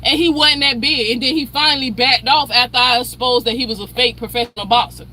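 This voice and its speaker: A commentary channel host, a woman with a fairly high, steady voice, rants at a brisk pace in a bright, forceful tone. Her heated personal tirade is profane and confrontational, and she keeps repeating a name to call someone out. Slight background noise sits under the recording.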